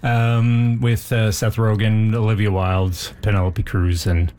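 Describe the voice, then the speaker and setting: A man talking as a guest on a radio show, hesitant and full of ums, pausing and restarting as he describes films. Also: fairly low pitch, flat delivery, darkish tone. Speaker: film society guest. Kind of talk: casual radio interview. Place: radio studio. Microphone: studio microphone.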